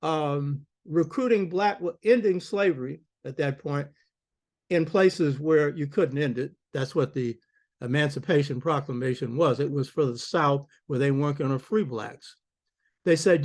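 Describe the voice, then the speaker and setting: A man's voice: fairly high pitch, a little slow, a little mellow. Emphatic older man lecturing. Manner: preacherly, emphatic, calls out "you hear me?". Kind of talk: public lecture.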